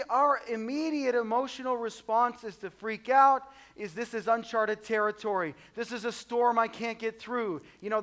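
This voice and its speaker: A man preaching a sermon in a conversational, humorous way, swinging between soft low asides and loud high exclamations. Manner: conversational and humorous, acts out voices of the disciples. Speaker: pastor.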